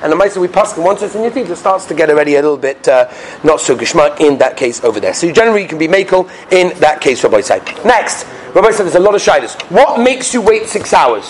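Male teacher, quick and high, lively storyteller who keeps asking his class questions. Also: slight background noise. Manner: lively storytelling, rhetorical questions, mixes Yiddish and Hebrew terms. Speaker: rabbi teaching Jewish law. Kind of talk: animated lecture with anecdotes.

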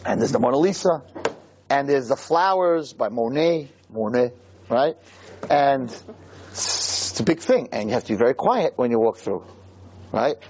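A man giving a Torah lecture, telling stories and preaching in an animated way with many rhetorical questions. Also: mid-range voice, measured pace, slight background noise.

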